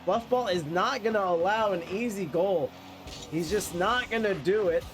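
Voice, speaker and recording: A man casting an esports match in excitable play-by-play style, sounding congested and nasal from a cold. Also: high voice, moderate pace, music in the background. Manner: excitable play-by-play with frequent restarts. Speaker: esports caster.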